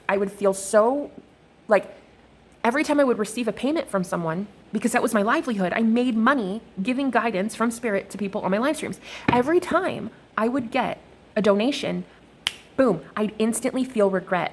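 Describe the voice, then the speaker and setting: A woman talking casually in a spiritual vlog, animated, swearing, and swinging her voice up high for emphasis. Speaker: spiritual vlogger.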